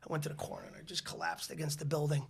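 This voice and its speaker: A man's voice: a little high, huge pitch swings, very fast, vocal fry, slightly rough. A man, a podcast guest telling a long story in a rambling way, with many restarts and fillers. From the Bronx, New York City. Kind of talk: casual storytelling interview.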